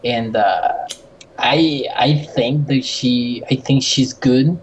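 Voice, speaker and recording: Halting Spanish-accented man. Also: mid-range voice, highs cut off, a little hiss or hum. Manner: halting, many restarts and fillers. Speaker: website admin. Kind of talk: casual voice chat.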